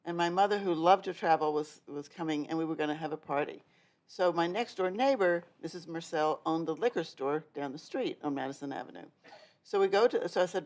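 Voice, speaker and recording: An older woman hosting an interview who tells stories in a chatty, brisk and informal way. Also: lowish voice, a little mellow. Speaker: interviewer and host. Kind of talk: casual conversational interview.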